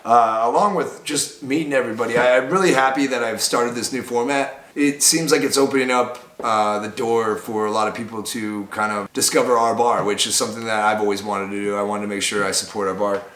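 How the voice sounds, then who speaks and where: A man opening fan mail in a casual vlog, chatty and prone to loud excited outbursts. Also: lowish voice, brisk, hardly any pauses. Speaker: bar owner and vlogger. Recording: echoey room, faint background noise.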